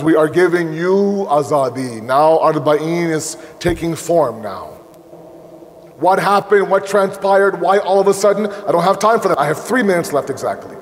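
Man preaching with a really high voice, gets emotional and shouty, big echoey hall. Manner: emotional, rising to shouted storytelling. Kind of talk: sermon.

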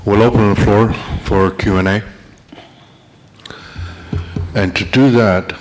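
Low-voiced man moderating a Q&A. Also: steady tone, moderate pace, a little hiss or hum.

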